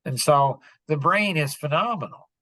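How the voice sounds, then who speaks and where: A man's voice: a little high, lively intonation, moderate pace, a bit bright, no echo. A middle-aged man telling a personal story on a podcast, earnest and rambling, full of "like" and "you know". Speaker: podcast speaker.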